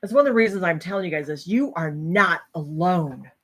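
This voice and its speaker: Low-voiced woman telling a personal story. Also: brisk. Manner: animated storytelling, acting out other voices. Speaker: host.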